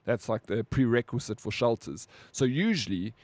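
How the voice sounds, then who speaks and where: A man's voice: mid-range voice, lively intonation, normal speed, darkish tone, no echo. A South African man chatting casually to his live-stream viewers, blunt and profane, rambling with lots of "bro".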